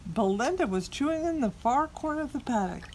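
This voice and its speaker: A woman reading a picture book aloud to a small child, expressive and coaxing the child to join in. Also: sits high, fairly quick, slight background noise.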